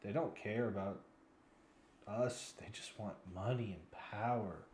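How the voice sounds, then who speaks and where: A man's voice: on the low side, a little slow, darkish tone, echoey room. Worn out guy in his 20s ranting about the news, kinda yawny, faint hum behind. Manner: weary, yawning, frustrated. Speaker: news vlogger. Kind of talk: casual rambling commentary.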